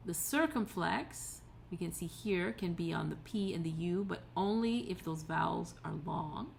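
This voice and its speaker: A woman delivers a recorded tutorial in a patient, explanatory way, pausing on fillers and correcting herself as she goes. Her voice sits fairly low with a gravelly edge, and a faint hiss of noise lies under the recording. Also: lively intonation. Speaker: teacher.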